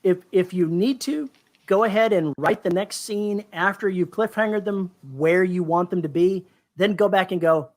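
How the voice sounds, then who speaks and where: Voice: medium pitch, normal speed. Dry-witted podcast co-host. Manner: dry, deadpan jokes. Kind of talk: casual chat.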